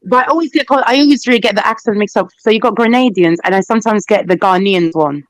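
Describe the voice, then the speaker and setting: A woman's voice: medium pitch, fast, dry recording, rough recording. A woman on a casual online panel, teasing and playfully indignant. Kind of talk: casual live panel banter.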